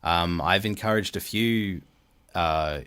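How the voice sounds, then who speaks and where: A man's voice: low voice, slow pace, a bit bright, clean tone. A middle-aged Australian man talking in a casual podcast interview, chatty and rambling, with many fillers and restarts. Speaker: voice actor guest.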